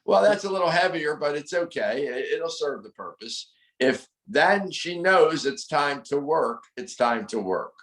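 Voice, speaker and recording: A man's voice: fairly high pitch, expressive, unhurried, a bit bright, reverberant, rough recording. A man coaching a dog owner through training drills, firm and corrective, repeating his instructions. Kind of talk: hands-on coaching over a call.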